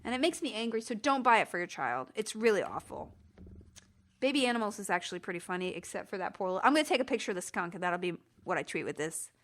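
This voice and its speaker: A woman hosting a rambling solo podcast, animated and self-mocking, slipping into silly voices. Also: mid-range voice, fast. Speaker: podcast host. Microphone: computer recording.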